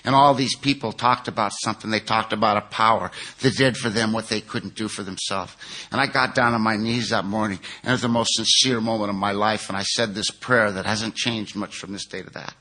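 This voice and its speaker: Bright-voiced, earnest recovery speaker man. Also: on the low side, fairly even intonation, fairly quick. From California. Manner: earnest, plain-spoken storytelling. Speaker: speaker at a 12-step conference. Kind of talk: personal recovery testimony.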